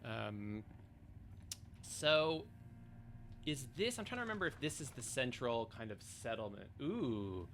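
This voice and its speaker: A man's voice: mid-range voice, big pitch swings, measured pace, long pauses, fairly bright tone, a little hiss or hum. A man co-hosting a video game livestream, chatting casually and thinking aloud as he plays, with many hesitant restarts. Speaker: co-host playing a game on stream.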